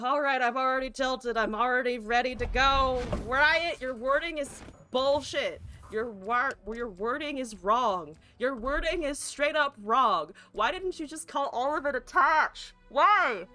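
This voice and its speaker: A woman's voice: high voice, pushed and bright. A woman streamer ranting with exasperation while playing a card game, swearing and firing off rhetorical questions.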